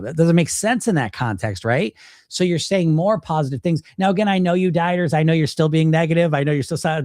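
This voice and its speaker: Animated, blunt male weight-loss coach. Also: on the high side, a little fast, no echo, clean studio sound. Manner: animated, acts out inner self-talk in quoted voices; blunt, casual swearing. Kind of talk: direct-to-camera coaching talk.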